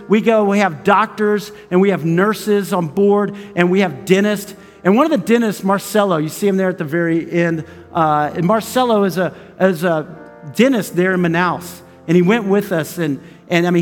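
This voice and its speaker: High-voiced middle-aged male pastor preaching. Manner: conversational and earnest, storytelling with asides. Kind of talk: sermon. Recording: long hall reverb with faint music.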